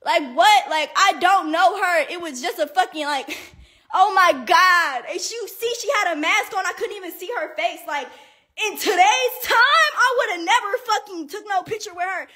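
A woman's voice: very high-pitched, normal speed, pushed and bright. A young woman on a livestream, ranting in an indignant and exasperated way, swearing constantly and filling her speech with "like" and "bro", with bursts of laughter. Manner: heavy profanity, repeated "like" and "bro". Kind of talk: angry livestream rant.

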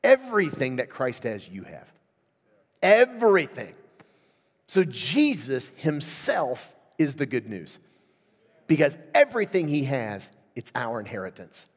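A man in his thirties preaching a revival sermon, talking casually and swinging between loud emphasis and quiet asides. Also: medium pitch, breathy edge. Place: church sanctuary. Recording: long hall reverb.

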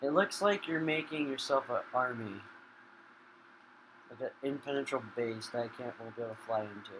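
A man giving casual gaming commentary while he plays, swearing a lot and flaring into loud rage. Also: mid-range voice, a little fast, background noise. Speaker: gamer.

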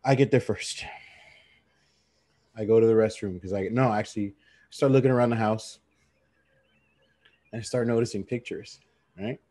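A man's voice: on the low side, moderate pace, long pauses, no room sound. A man co-hosting a podcast, telling a personal story in casual chat, acting out other people's voices and laughing often. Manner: animated storyteller, acts out friends' voices and laughs a lot. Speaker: podcast co-host.

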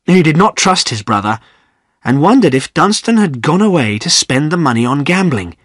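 A man narrating a graded-reader audiobook in a steady, clear storytelling manner. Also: a little high, normal speed, no room sound, studio quality.

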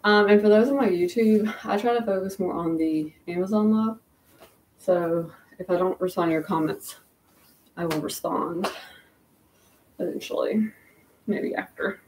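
Over a low-quality recording with slight background noise, a young woman runs a fashion livestream in an unhurried, mid-range, slightly mellow voice with long pauses. She's out of breath and a bit scattered, chatting casually with viewers as she searches for items.

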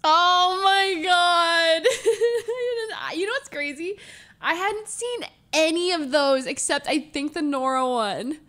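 A woman's voice: sits high, moderate pace, a bit bright. A young adult woman streamer chatting casually and emotionally as she reacts to clips, laughing often. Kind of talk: casual live-stream chat.

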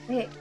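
An Australian woman streaming a platform game, chatting casually, yelping and laughing as she plays. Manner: excitable, yelps and laughs at the game. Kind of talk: live game-stream chat. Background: game music.

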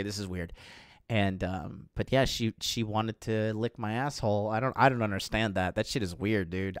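A dating coach hosts a dating show, talking casually and crudely to his live chat viewers, rambling and swearing as he tells stories. His voice is fairly low, a bit bright, clear, and resonant, recorded in studio quality with no room sound.

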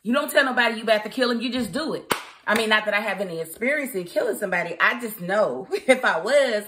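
A woman giving a casual, opinionated spoken review of a TV episode, chatty and quick to laugh. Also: a little high, a bit bright. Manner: chatty and opinionated, laughs often, mimics characters. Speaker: TV show reviewer.

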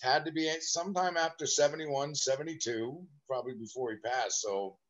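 A man in his fifties from Southern California, a guest in an interview, telling animated, rambling anecdotes about his childhood. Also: medium pitch, moderate pace, highs cut off. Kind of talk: storytelling interview.

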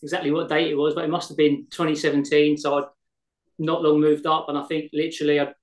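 A man's voice: fairly high pitch, level tone, fast talker. An English man co-hosting a podcast, chatting casually and repeating words as he talks. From England. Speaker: podcast co-host. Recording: echoey room.

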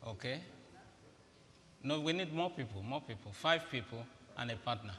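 Bright-voiced man preaching in a hall. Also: medium pitch, lively intonation, moderate pace. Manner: humorous, directs volunteers on stage. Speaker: guest preacher. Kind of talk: interactive sermon with volunteers. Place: large auditorium. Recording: echoey hall with faint ambience.

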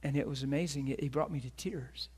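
A man's voice: medium pitch, fairly quick, breathy edge. A middle-aged man preaching a sermon as a pastor, telling a personal story earnestly and acting out the voices of the people in it.

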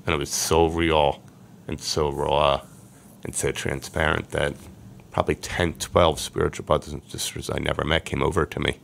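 A man's voice: a bass voice, flat delivery, moderate pace, creaky, a bit bright, a little hiss or hum. A middle-aged man earnestly telling an emotional personal story as a podcast guest.

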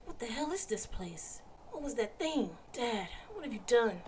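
A woman's voice: a little high, big pitch swings, moderate pace, very noisy. A woman with a Southern US accent hosting a horror game let's play, jumpy and exclaiming as she talks back to the game. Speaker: gaming channel host.

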